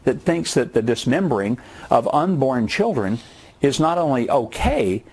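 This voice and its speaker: Brief: emphatic man in his sixties, husky voice, lively pitch, preacher's cadence. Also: moderate pace. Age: 60s. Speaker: guest commentator. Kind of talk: impassioned TV commentary. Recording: studio TV broadcast.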